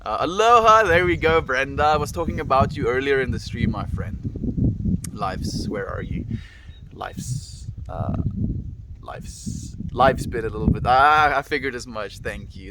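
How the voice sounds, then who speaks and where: A man's voice: mid-range voice, noisy background. South African man chatting on stream. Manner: warm, affectionate, reflective, calls viewers "my friend". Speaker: livestreamer reading chat. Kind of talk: casual livestream chat.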